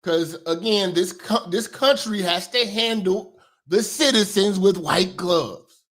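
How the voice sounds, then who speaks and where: A man from hosting a casual commentary livestream, slangy and profane, swinging between loud shouting and low muttering and repeating phrases for emphasis. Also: slow. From Chicago. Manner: profane, slangy street talk. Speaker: commentary show host.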